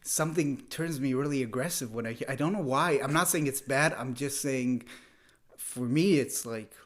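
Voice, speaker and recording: A man's voice: medium pitch, moderate pace. A man guesting on a comedy podcast, ranting bluntly and sarcastically in casual banter. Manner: blunt, sarcastic, provocative rants.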